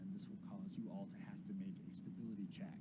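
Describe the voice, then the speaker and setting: A man's voice: low-pitched, flat delivery, fast talker. A man running a tabletop horror game as game master, narrating casually with many fillers. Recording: loud background hiss.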